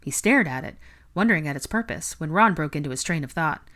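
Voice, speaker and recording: A woman narrating a fan fiction audiobook in a steady storytelling delivery. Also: deep voice, fairly quick.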